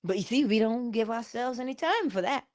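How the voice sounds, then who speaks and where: A woman's voice: a little high, animated, a little fast. A woman giving a morning inspirational talk, with preacherly calls and frequent laughter. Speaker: motivational speaker.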